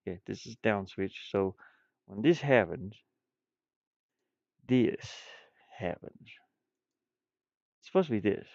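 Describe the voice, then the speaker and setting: The audio is dry and muffled as a congested indie game dev rambles through a casual live stream, talking to himself and chuckling frequently while he works on his game. His lowish, darkish voice is expressive yet slow, with vocal fry and frequent pauses.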